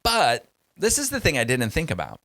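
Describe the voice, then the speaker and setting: A man co-hosting a podcast, chatting casually and telling stories full of quick asides. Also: a little high, huge pitch swings, sharp tone, no echo. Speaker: podcast co-host. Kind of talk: casual chat.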